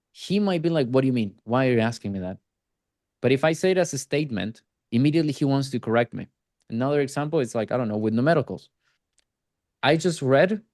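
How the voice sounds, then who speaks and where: A man's voice: medium pitch, a little mellow, dry recording. Man coaching a sales team, dry sound. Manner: casual, acts out prospects' replies in quick asides. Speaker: sales trainer. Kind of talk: explaining sales techniques on a team call.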